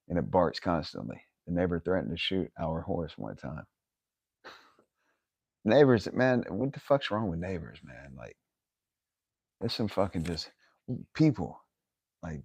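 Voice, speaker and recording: A man's voice: deep voice, a little mellow, no echo. A man hosting a casual livestream from his yard, rambling and swearing, laughing often. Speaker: livestream host. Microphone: phone camera.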